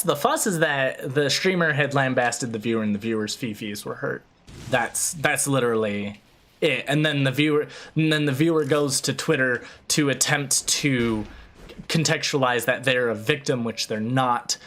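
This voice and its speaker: A man's voice: mid-range voice, normal speed. Ranting male streamer, swears freely. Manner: ranting, animated, swears freely, restarts sentences. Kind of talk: casual livestream chat over gameplay.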